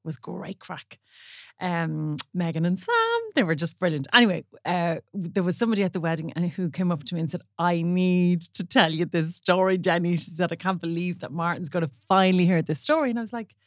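An Irish woman co-hosting a podcast, chatting casually and telling stories with quick laughs. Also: lowish voice, animated, dry recording, clean studio sound. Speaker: podcast co-host. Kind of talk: casual chat.

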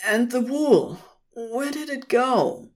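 A woman's voice: on the high side, expressive, slow, voice pushed up. A woman voicing a frantic, heartbroken man who talks in a pleading, tearful way. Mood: anxious.

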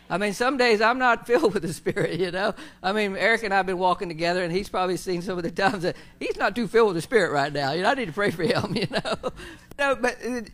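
Male pastor, high-pitched, informal preaching style with fillers. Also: a bit bright. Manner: conversational preaching with many fillers and restarts. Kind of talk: sermon.

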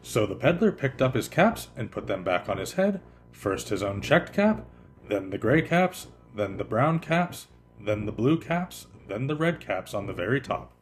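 Lively man reading a children's storybook. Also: mid-range voice, slight background noise. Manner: expressive, lively, slowing for effect. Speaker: podcast host reading children's stories.

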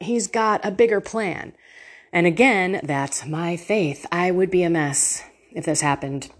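Female podcast host, low and husky, earnest and chatty about faith. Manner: earnest, chatty, laughs often. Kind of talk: casual faith podcast talk.

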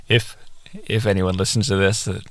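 A man's voice: deep voice, little pitch movement, measured pace, no room sound, studio quality. A man hosting his own podcast, self-deprecating and mumbling through a casual outro and outtakes. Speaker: podcast host.

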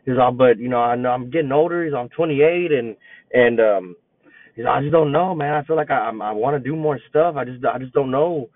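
A young man in his twenties tells a story in a loose, rambling way, circling back and repeating himself as he reflects. His voice sits at a middle pitch. It comes through narrow and tinny, like a phone line, with no room sound. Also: brisk, no echo. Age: 20s. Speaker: teacher and coach. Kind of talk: casual storytelling monologue.

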